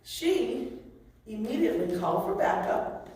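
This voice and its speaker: A woman presents to a public oversight board, telling a story and acting out the voices she quotes. Her voice is on the high side, sing-song and a little mellow, at a measured pace. She's recorded from far off in a large, echoey meeting room with strong echo.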